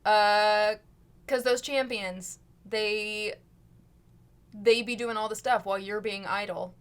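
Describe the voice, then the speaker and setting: A woman's voice: medium pitch, steady tone, takes it slowly, clear, resonant tone. A woman from the cast reading a sponsor plug in a playful, goofy and slangy way.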